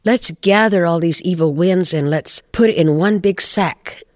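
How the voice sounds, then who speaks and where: A man's voice: high-pitched, measured pace, no echo, studio quality, pitched above the performer's own voice. A man voicing a clever porcupine who proposes a plan. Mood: keen. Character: clever male porcupine with an idea.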